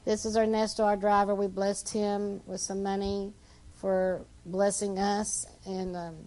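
A woman's voice: mid-range voice, flat delivery, unhurried, low-quality recording. Chatty woman presenting trip photos. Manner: chatty, warm-hearted, with fillers. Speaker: church mission team member presenting.

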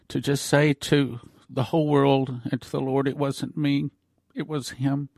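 A man's voice: medium pitch, level tone, a little slow, creaky, darkish tone, dry recording, clean studio sound. A man hosting a Christian broadcast, talking earnestly and growing emotional as he speaks. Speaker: host.

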